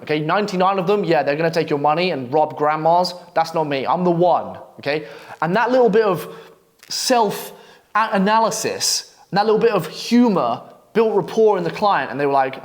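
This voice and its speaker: A man's voice: sits high, lively intonation, brisk. A brash young man coaching copywriters, telling stories in a blunt, swearing monologue. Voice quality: brash, swearing, storytelling delivery. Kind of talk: profane, blunt advice monologue.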